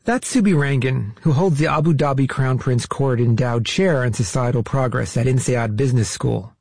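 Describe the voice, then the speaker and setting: A man from the US East Coast hosting and narrating an interview piece, asking questions in a measured, inquisitive way. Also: mid-range voice, gravelly, a little mellow, no room sound. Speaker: host and narrator. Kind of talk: radio-style interview narration.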